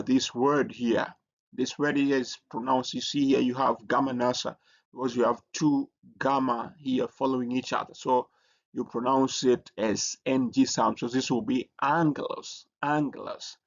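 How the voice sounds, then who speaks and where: A man presenting a recorded lesson, speaking haltingly with many fillers and restarts. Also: mid-range voice, gravelly. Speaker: teacher. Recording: dull lo-fi recording.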